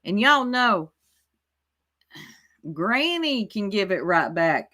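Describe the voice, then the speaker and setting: Slow-talking Southern woman streamer. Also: mid-range voice, big pitch swings, pushed and bright. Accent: Southern American. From Southern United States. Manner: chatty, reacting to a clip and thanking viewers. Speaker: livestream host. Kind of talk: casual live-stream commentary.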